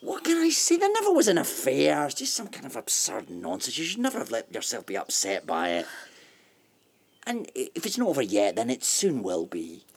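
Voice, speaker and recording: An actor in a radio drama playing a guilt-ridden, self-mocking womanizer who swings between pleading and wry jokes, with a husky voice. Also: medium pitch, huge pitch swings, fairly quick, heavily acted. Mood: evasive.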